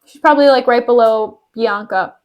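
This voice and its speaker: High-voiced chatty woman streamer. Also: moderate pace, muffled recording. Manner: chatty, slangy, excitable. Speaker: streamer reading a play. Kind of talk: casual play-reading commentary.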